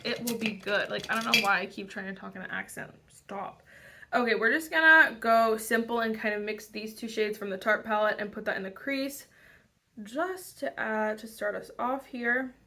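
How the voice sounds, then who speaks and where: Bright chatty young woman vlogger. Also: on the high side, moderate pace. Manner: rambling, chatty, many fillers and restarts. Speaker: beauty vlogger. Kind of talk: casual makeup tutorial chat.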